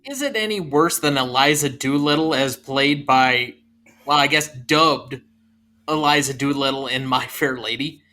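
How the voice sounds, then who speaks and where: A man's voice: medium pitch, measured pace, bright, forceful tone. A man co-hosting a movie podcast who teases his co-host in a wry way and moves the show along. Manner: wry, teasing. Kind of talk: casual movie podcast chat.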